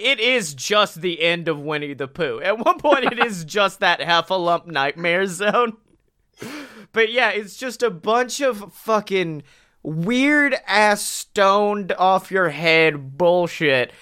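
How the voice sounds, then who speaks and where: This is a man with a high, bright voice, talking casually on a comedy podcast. He spins his story in an animated way, laughs often and swears freely. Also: takes it slowly. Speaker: podcast co-host.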